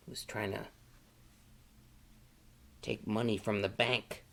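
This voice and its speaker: A man reading a picture book aloud to children at storytime, animated and stopping to ask them questions. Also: on the low side, takes it slowly, creaky, long pauses. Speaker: storytime reader.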